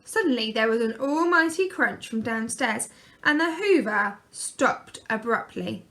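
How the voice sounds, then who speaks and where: A woman reading a children's picture book aloud, gently and expressively. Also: fairly high pitch, lively intonation, measured pace. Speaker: storyteller.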